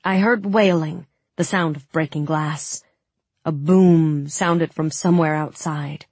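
A woman narrating a fantasy audiobook in the first person, with steady, dramatic storytelling on a close studio mic. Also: sits low, slow pace, slightly rough, dry recording.

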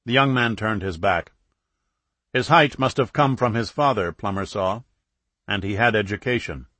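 Low-voiced male audiobook narrator. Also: normal speed, bright, forceful tone, dry recording. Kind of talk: scripted narration.

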